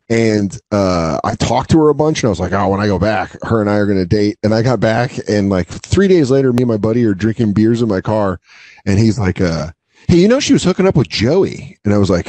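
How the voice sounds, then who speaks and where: A man in his late thirties from Alaska, co-hosting a casual comedy podcast and telling stories in an animated way, jumping high when he mimics people. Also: no room sound. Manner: animated storytelling, jumps to high mocking voices for quotes. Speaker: comedian co-host.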